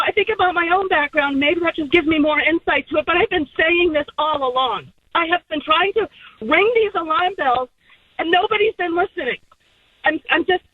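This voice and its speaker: A woman's voice: very high voice, fairly quick, no echo. A woman from Massachusetts calling into a radio show, talking in an upset, urgent and emotional way. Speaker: caller. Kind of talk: call-in radio conversation. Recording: tinny phone line.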